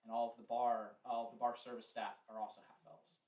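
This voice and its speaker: A man's voice: mid-range voice, level tone, fairly quick, a little mellow, recorded from a distance. A man narrating as game master in a rambling way, with many fillers and restarts. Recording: roomy, off-mic.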